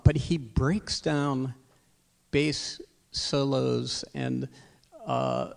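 Gravelly-voiced male radio host. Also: mid-range voice, a little mellow. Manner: chatty, laughs easily, stumbles over names. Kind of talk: live radio interview chat. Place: radio studio.

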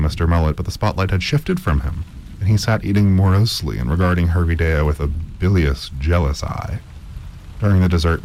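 Male story narrator, very low and mellow, steady read-aloud delivery. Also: a little hiss or hum, poor audio. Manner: measured, with occasional stumbles and repeats.

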